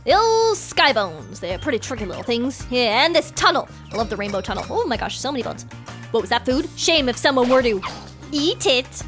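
A woman narrating a game story in the first person with excitable, fast chatter. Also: fairly high pitch. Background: background music.

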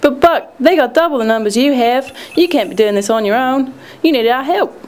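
A woman's voice: high voice, expressive, fairly quick, a little mellow. A woman voicing a sassy slug gal. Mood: worried. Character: spirited young female slug.

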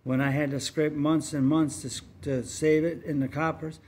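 A man voicing a boisterous, excitable young lad who speaks loudly and bluntly. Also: a little high, normal speed, breathy edge. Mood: cross.

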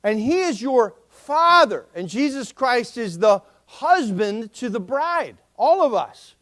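High-voiced emphatic man preaching. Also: very animated, takes it slowly, few pauses, fairly bright tone. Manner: emphatic preaching, calls on the congregation to respond. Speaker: pastor. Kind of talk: sermon.

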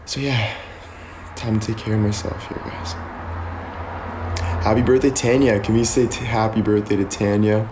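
A man's voice: on the low side, flat delivery, normal speed, pauses often, noisy background. A young man from Canada chatting casually on a live stream, rambling and thanking viewers as he goes.

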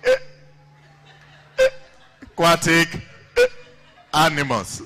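A man's voice: on the high side, wildly swooping pitch, slow pace, sharp tone, soft background music, full character voice. A man voicing a nervous, stammering male schoolteacher who stutters through his lesson in a strained voice. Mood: flustered.

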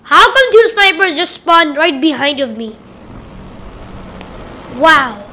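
Woman, gamer, gameplay commentary, very high voice, slow delivery, excitable, playful. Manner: excitable, exclaiming at game events; playful, calls others "bro".

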